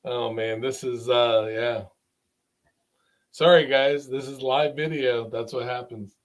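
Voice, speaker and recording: A relaxed man chats from his home studio. He talks slowly and halts over fillers. His pitch sits in the middle range. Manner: relaxed, halting, many fillers. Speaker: video producer. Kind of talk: casual chat.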